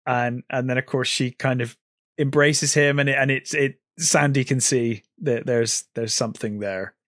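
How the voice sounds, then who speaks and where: A man's voice: mid-range voice, fairly even intonation, moderate pace, fairly bright tone, dry recording. Man recapping a film, dry close sound. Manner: retells scenes with quoted lines, frequent ums. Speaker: podcast co-host. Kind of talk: casual film discussion.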